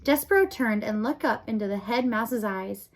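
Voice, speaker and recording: A woman reading a children's storybook aloud in an expressive, lively way. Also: on the high side, normal speed. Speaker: audiobook reader. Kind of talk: storybook narration.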